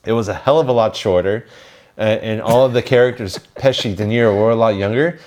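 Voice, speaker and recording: Podcast co-host, male, low voice, casual and opinionated, quick with a joke. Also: a little mellow. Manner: opinionated, joking, with some restarts. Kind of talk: casual film review chat.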